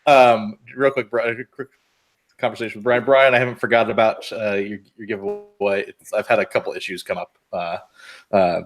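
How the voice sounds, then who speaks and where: A man's voice: fairly low pitch, fairly even intonation, moderate pace. A man from the US West Coast hosting a casual live-streamed podcast, rambling and restarting his sentences. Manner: rambling, repeats words and restarts. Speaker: podcast host.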